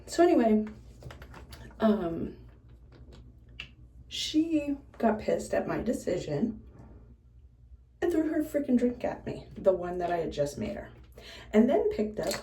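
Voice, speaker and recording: A woman bartender casually telling stories while doing her makeup, blunt and animated, swearing freely. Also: a little high, measured pace, long pauses, recorded from a distance. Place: room in a house. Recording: echoey room, away from the mic, faint noise.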